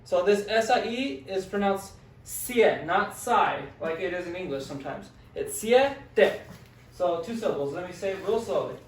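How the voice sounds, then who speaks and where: Male teacher, patient, encouraging, distant mic, echoey classroom. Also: high-pitched. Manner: patient, encouraging, sounds words out slowly. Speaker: Spanish teacher. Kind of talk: classroom language lesson.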